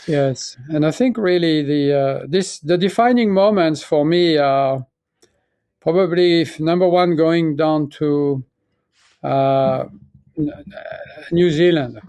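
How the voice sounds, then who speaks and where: A man in his sixties from France with a French accent, speaking as an interview guest and telling his story in a reflective, halting way with many restarts. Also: a little high, mellow, dry recording. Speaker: guest, pharmaceutical chief executive. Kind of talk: conversational interview.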